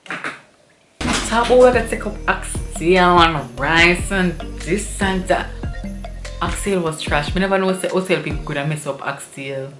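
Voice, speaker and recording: A woman with a Jamaican accent, vlogging an animated, indignant storytime review in patois. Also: on the low side, a little slow, reverberant, music in the background.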